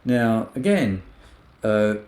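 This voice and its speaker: Gentle-voiced man in an echoey room. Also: on the low side, big pitch swings, drawn-out words. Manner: gentle, acts out quoted remarks in other voices. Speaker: podcast co-host. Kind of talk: casual reflective chat.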